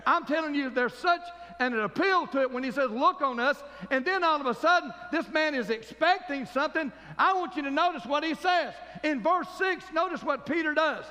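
A man's voice: very high-pitched, bright, forceful tone, big-room sound. A man preaching a fervent sermon as pastor, calling for amens from the congregation.

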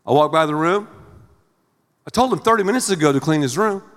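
A middle-aged male pastor preaching a sermon in a theatrical, animated way, acting out everyday scenes. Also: a little high, a little fast. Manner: animated, theatrical, acts out scenes with big swings in loudness. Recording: long reverb of a large hall.

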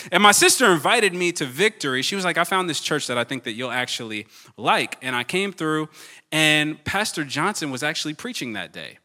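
A man introducing the senior pastor at a young adult service, telling his own story earnestly and then shouting for the crowd to welcome him. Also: a little high. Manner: earnest, building to shouted hype. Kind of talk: stage introduction and testimony. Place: large church auditorium.

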